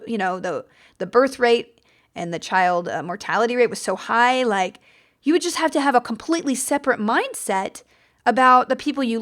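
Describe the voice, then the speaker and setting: An American woman with a somewhat high voice hosts a podcast in a loose, chatty way. She sounds enthusiastic and rambles a little, circling back with fillers and quick self-corrections. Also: a bit bright. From United States. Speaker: podcast host. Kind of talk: casual book-recommendation chat.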